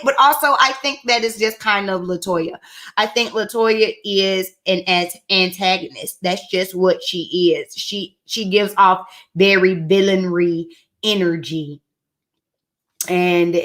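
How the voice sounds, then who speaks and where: A woman's voice: on the low side, a little slow, a bit bright. A woman giving a chatty, sassy recap of a reality show episode, with in her speech. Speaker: reality TV reviewer. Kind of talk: casual recap commentary.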